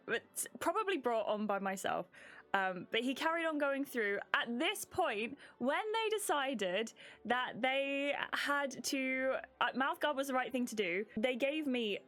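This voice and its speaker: A young British woman chatting to her stream in a loose, rambling way, full of ums and restarts. Her voice sits a bit high for a woman. Soft music plays faintly behind her. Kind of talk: casual storytelling to a live stream chat.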